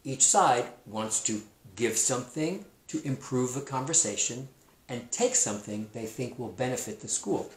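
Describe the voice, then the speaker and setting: A man with a Pacific Northwest American accent teaching a kindergarten-level lesson, slowly repeating new words so young children will remember them. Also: medium pitch, expressive, echoey room, low-quality recording.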